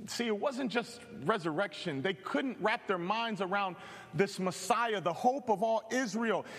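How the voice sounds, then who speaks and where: A man preaching a sermon with lively, animated delivery and bursts of shouting. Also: high voice, measured pace, long reverb tail. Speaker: pastor.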